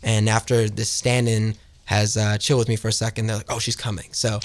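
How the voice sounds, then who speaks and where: A young man telling a story in a casual podcast chat, lively and quick, often acting out the voices of the people he quotes. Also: lowish voice. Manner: fast, animated storyteller who acts out quoted voices. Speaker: guest.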